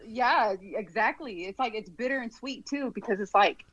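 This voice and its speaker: A woman guest on a podcast, talking in a relaxed, rambling way with lots of fillers. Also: a little high, moderate pace, dull audio. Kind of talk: casual conversation.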